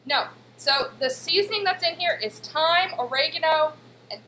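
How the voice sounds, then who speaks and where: A woman's voice: high-pitched, normal speed, bright, forceful tone, a little hiss or hum, low-quality recording. A woman in her thirties in a home kitchen, chatting casually with her live chat while she walks through a recipe. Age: 30s. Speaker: cooking streamer. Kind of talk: casual live-stream cooking demo.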